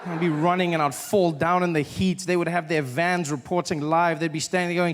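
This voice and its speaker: A man with a South African accent doing stand-up comedy on stage before a live audience, telling stories in an animated, playful way. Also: a little high, moderate pace, a loud crowd, heavy background noise.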